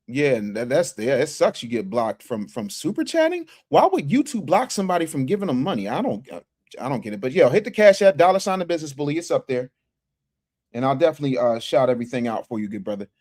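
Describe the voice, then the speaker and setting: A man's voice: mid-range voice, lively intonation, brisk, a little mellow. A man hosting a casual livestream, talking to his chat in slang and reading out super chats from his office. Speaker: livestream host.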